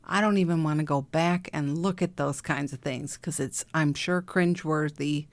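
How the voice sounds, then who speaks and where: A middle-aged woman hosting a podcast, talking gently and encouragingly about healing, with soft whispered asides. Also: sits low, moderate pace, no room sound. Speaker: podcast host, healing coach. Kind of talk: reflective spiritual talk.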